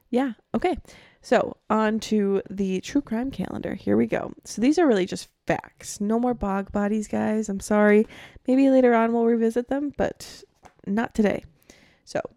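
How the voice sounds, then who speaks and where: A woman's voice: medium pitch, vocal fry, a little mellow, dry recording, studio quality. A woman hosting a podcast in casual chat, chatty and full of fillers, often laughing as she talks. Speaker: podcast host.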